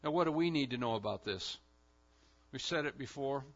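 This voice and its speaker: A man preaching a sermon as pastor, in an emphatic style with sudden loud swells. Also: medium pitch, expressive, fairly quick, dull audio.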